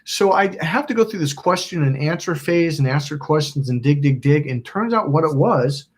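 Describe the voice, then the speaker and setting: A man's voice: a little high, expressive, moderate pace. A man hosting a self-help channel, telling a story in a rambling, casual way, acting out quotes and swearing now and then. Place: indoors by a smoking candle.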